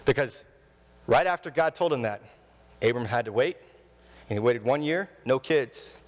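A man in his thirties preaching a sermon in a church, telling stories with animated delivery and acting out the voices he quotes. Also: mid-range voice, normal speed, in a large hall. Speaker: pastor. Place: church sanctuary.

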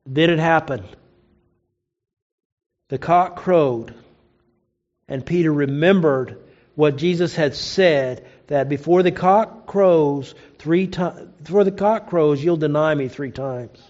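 A man's voice: takes it slowly, darkish tone, lo-fi sound. A man preaching a sermon, retelling a story and acting out the quoted lines. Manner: storytelling, acts out quoted lines with rising pitch.

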